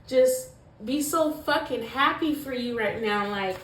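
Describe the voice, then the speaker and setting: A woman's voice: on the high side, normal speed, fairly bright tone. A woman giving a pick-a-pile tarot reading to her viewers, emotional and emphatic, swearing often and filling her talk with "like". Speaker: tarot reader. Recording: echoey room with faint noise.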